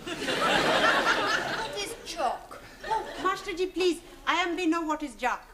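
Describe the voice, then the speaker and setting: A woman's voice: very high-pitched, big pitch swings, takes it slowly, heavy background noise, exaggerated voice. An actress playing an eager young woman student speaking broken English in a 1970s studio sitcom. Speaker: foreign student.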